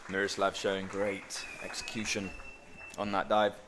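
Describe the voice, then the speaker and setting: Male diving commentator with a very low voice, loose and chatty, throws in jokey asides; faint hiss under the mic. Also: completely flat delivery, moderate pace, crowd noise. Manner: chatty, light-hearted asides. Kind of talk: live sports commentary.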